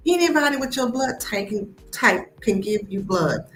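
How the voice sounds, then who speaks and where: A woman's voice: fairly high pitch, unhurried, few pauses, reverberant, soft background music, poor audio. American woman telling her story. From United States. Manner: animated, acts out quoted voices. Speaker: host of a live stream. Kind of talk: personal storytelling.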